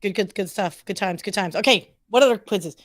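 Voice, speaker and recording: A woman hosting a casual live chat, talkative and quick to laugh. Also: medium pitch, dry recording. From Southern California. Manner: chatty, laughs often, plays with slang. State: a little tired. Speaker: host.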